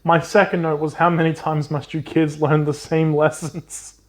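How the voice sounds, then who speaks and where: A man co-hosting a podcast, casually retelling a children's book plot with swearing and quick silly voices for the characters. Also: on the high side, level tone. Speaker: podcast co-host. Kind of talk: casual book recap chat.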